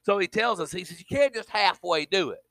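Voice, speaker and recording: A man's voice: high voice, lively intonation, fairly quick, a bit bright, no room sound. A man preaching a sermon, emphatic and speaking in a colloquial way to his congregation.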